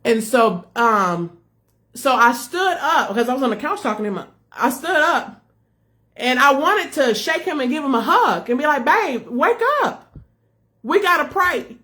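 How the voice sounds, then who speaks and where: A woman's voice: on the high side, a bit bright. A woman who leads a ministry, giving an earnest personal testimony to her followers and repeating herself as she speaks to viewers directly. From United States. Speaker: ministry leader.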